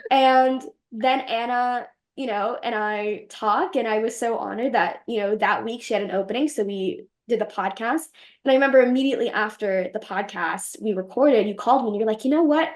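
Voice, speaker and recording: A woman's voice: fairly high pitch, normal speed. A young woman telling a story as an interview guest, bubbly and giggly, acting out her own reactions in quoted lines. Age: young adult. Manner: bubbly, giggly, quotes herself in animated voices. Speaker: podcast host and guest.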